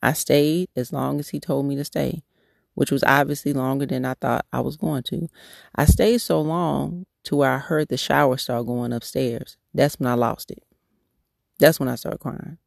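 A woman's voice: rumbling low, fairly even intonation, moderate pace, vocal fry, no room sound, studio quality. A woman hosting a devotional podcast, telling a personal faith story in an earnest, candid way, often restarting her sentences. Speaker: podcast host.

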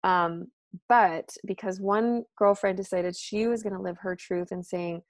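A woman talking casually as a podcast guest, animated and full of "like" and "um", acting out what her friends said. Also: unhurried, no room sound, studio quality. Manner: animated, acts out quoted friends with pitch jumps; filler-heavy, frequent "like" and "um". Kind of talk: casual conversation.

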